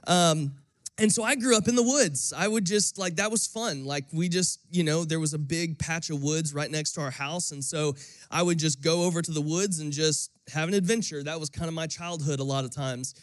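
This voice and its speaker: A man's voice: a little high, normal speed, dry recording. A young man from Florida, a pastor, giving a sermon that opens with a casual story told with many fillers.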